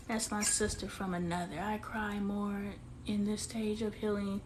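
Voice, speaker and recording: A woman's voice: mid-range voice, little pitch movement, a little slow, hardly any pauses, background noise. A woman in her thirties hosting a candid live stream on her phone outdoors, talking straight to viewers and answering their comments aloud. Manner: emotional, confiding, talks straight to viewers.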